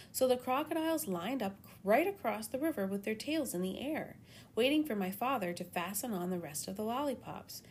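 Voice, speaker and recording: A woman narrating a children's storybook in an expressive, animated way. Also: fairly high pitch, fairly quick, slight background noise. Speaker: audiobook narrator.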